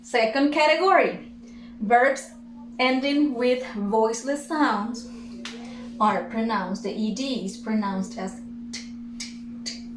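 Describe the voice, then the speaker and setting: A woman English teacher explaining pronunciation, slowly repeating each word and checking in with "okay?". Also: a little high, slight background noise. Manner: repeats words slowly for drilling, frequent "okay?". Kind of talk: slow explanatory lesson. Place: room with whiteboard. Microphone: camera at a distance. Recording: echoey room, far from the mic.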